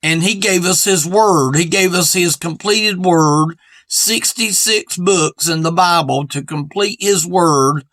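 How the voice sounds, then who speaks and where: A man with a high, bright voice preaches a sermon at an unhurried pace. He sounds earnest and repeats his points in plain everyday grammar, and the recording is dry and close. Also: no room sound. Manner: earnest and repetitive, stressing points with "see".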